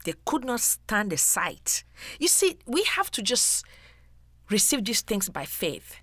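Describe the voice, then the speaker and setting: A woman's voice: mid-range voice, sing-song, takes it slowly, a bit bright, no room sound. A woman giving an earnest devotional Bible teaching, emphatic and speaking straight to the listener as a friend.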